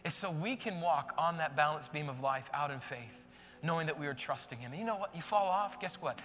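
A man preaching a sermon, retelling a story in an animated, slangy way and then speaking earnestly to the congregation. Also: on the high side, fairly quick, big-room sound. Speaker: pastor.

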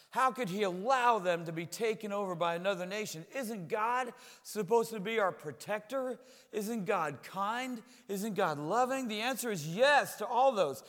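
A man's voice: high voice, a bit bright, in a large hall. A man preaching a sermon as a pastor, talking in a conversational way and often repeating words as he goes.

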